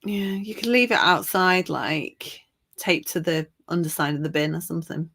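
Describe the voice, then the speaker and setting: A woman's voice: sits low, normal speed, a bit bright, husky. A woman co-hosting a football podcast, joining in with playful, teasing casual chat. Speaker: podcast co-host.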